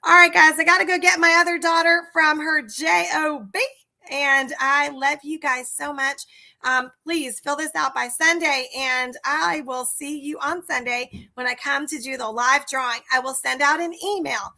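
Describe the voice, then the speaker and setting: A woman's voice: high voice, fairly even intonation, normal speed, creaky, pushed and bright. A woman hosting a casual livestream as a sales coach, talking enthusiastically and directly to her viewers.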